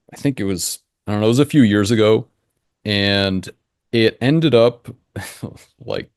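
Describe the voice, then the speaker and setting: A young man with a lowish voice gives relaxed interview answers, steady and matter-of-fact. He thinks aloud, building his points step by step. The sound is dry and close, with almost no room on it. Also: no room sound. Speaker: interview guest, engine simulation creator.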